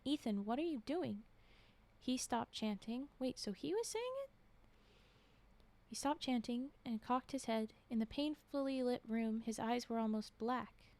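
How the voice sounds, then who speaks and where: A woman reads creepypasta aloud in a fairly high voice. She often breaks off to react and comment on the story. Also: lively intonation, a little slow, darkish tone. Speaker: streamer reading horror stories.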